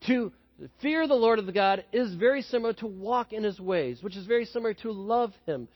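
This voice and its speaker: Male pastor, high husky voice, chatty sermon style, echoing church hall, dull sound. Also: animated, brisk. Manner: conversational, asks the congregation questions. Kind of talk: sermon with personal story.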